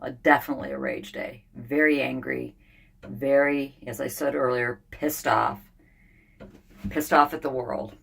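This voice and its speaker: Older woman, low voice, blunt and confessional, casual vlog talk from a sauna. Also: steady tone, measured pace, vocal fry, slightly rough. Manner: blunt, candid, venting, thinking out loud. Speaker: vlogger.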